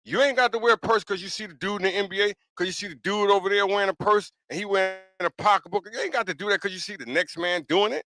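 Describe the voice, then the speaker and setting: A man hosting a talk podcast in a loose monologue, with a voice that sits a little high and has a bright, forceful edge. He hammers his points home bluntly and keeps circling back to them. The sound is dry and close, with almost no room around it. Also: fast talker, hardly any pauses, no room sound. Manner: blunt, emphatic and repetitive, with frequent "you know what I'm saying". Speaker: podcast talk show host. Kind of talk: casual opinion monologue.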